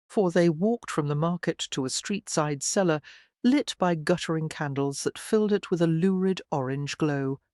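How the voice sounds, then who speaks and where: An audiobook narrator giving a measured, even scripted reading of a romance novel. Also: mid-range voice, no room sound, clean studio sound.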